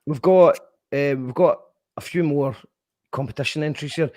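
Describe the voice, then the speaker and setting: A Scottish radio show host with a slightly high, somewhat mellow voice runs a casual interview at a moderate pace, with no room sound. He's conversational, starts sentences over and lets them trail, and reads out listener entries.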